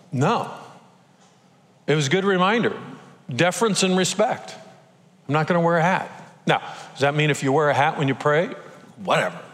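A man's voice: on the high side, fairly bright tone. An older man, a pastor, preaching a conversational sermon and acting out little quotes, sometimes emotional. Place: church auditorium. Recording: long hall reverb.

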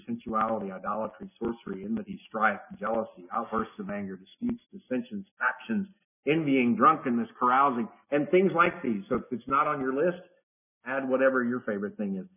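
A man leading a Bible study lesson, talking conversationally and often restarting phrases as he teaches a group in person and remotely. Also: medium pitch. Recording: phone-like narrow audio.

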